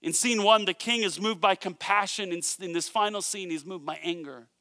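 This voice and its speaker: A man preaches, retelling a parable in a lively storytelling way and dropping joking asides along the way. His voice sits high for a man and sounds bright and forceful. The sound is close and dry, with no room echo. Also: fairly quick. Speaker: pastor. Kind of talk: sermon.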